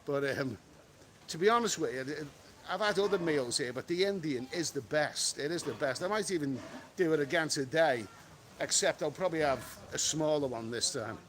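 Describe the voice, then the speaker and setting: Sniffly with a cold, a male travel vlogger strolls along a tropical island beach and through town, reading and answering viewer comments in a chatty live stream. His voice is on the high side and fairly bright, with lively intonation and a moderate pace. There's slight background noise.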